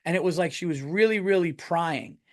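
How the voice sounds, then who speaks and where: Animated, swearing man telling a story. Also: a little high, brisk. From United States. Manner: rambling, animated, swears a lot, restarts sentences. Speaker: podcast host and comedian. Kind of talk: casual storytelling monologue.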